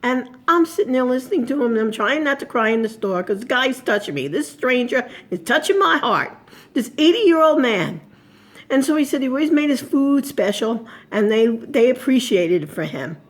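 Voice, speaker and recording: A woman's voice: fairly high pitch, very animated, moderate pace. A woman telling a personal story as spoken oratory, chatty and rambling, correcting herself as she goes.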